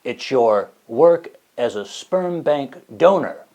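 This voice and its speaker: A man's voice: medium pitch, animated, slow pace, dark tone. A man hosting a spoof interview show, asking questions in a stiff, overly formal way. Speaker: talk show host.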